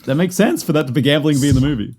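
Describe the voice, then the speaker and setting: Brief: man, co-host, rambling and joking, a bit higher voice. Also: racing, a little mellow. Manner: rambling, joking, stumbles over words. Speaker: podcast co-host presenting lore. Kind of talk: casual podcast chat.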